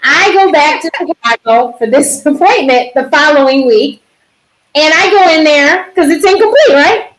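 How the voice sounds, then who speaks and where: A middle-aged woman doctor telling a personal story on a panel, animated and often laughing. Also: sits high, measured pace, low-quality recording.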